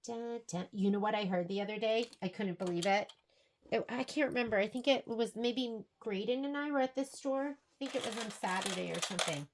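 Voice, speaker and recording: This woman talks a little fast in a mid-range voice, with a little hiss or hum in the audio. Teaching a quilting project, she's chatty and thinks aloud, describing each step while she works.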